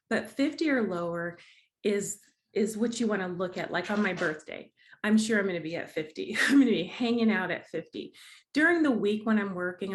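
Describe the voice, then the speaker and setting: A woman hosting her own diet challenge vlog, talking casually to camera in a chatty, bubbly way, laughing often and restarting her sentences. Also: on the low side. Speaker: vlogger, host of a diet challenge series.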